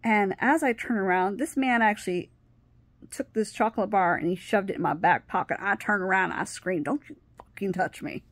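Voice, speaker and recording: A woman's voice: mid-range voice, fairly quick, dry recording. Woman telling a story, dry close sound. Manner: animated, acts out what people said; restarts and trails off often. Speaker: vlogger. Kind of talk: casual personal storytelling.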